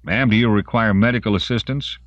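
A curt army sergeant barking orders in a clipped, authoritative manner, voiced by a male narrator. The voice is deep, and the recording is dry and slightly dull. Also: brisk, dry recording, close to an everyday voice. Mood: commanding.

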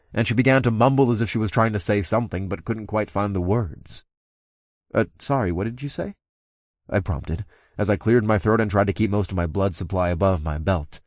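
Guy reading a first-person audiobook, lowish voice, easygoing and a little amused, dry studio mic. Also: dry recording. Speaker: audiobook narrator. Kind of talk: first-person scripted narration.

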